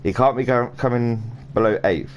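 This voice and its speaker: At a moderate pace and medium pitch, a man chats his way through commentary on a sim racing stream, casual and meandering, with lots of fillers and restarts. The recording is noisy home stream audio.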